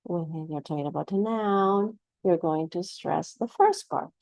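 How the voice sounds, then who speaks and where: A woman's voice: lowish voice, creaky, warm tone, no echo, low-quality recording. A woman teaching a pronunciation lesson to camera, explaining patiently and often checking in with "right?". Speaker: English teacher.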